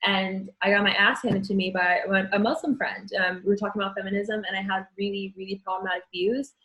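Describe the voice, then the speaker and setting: A woman's voice: medium pitch, steady tone, a little fast, bright, forceful tone, low-quality recording. A young woman speaking as an interview guest, frank and earnest, often restarting her sentences. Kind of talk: candid conversation.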